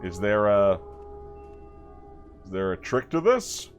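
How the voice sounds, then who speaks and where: A man's voice: lowish voice, big pitch swings, slow pace, soft background music. A man hosting a let's play video, commenting playfully and sarcastically with jokey asides. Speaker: gaming video host.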